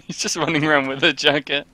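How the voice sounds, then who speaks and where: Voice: medium pitch, sharp tone. A gamer giggling nonstop while playing a game with a friend. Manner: giggling constantly, amused. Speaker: co-player. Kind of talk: casual gaming commentary.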